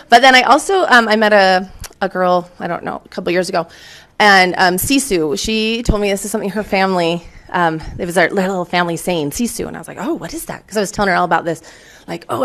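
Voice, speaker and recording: A woman in her forties, a teacher giving a chatty conference talk full of fillers and laughter. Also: medium pitch. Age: 40s. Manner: chatty and warm, laughs often, lots of fillers. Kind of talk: conference presentation.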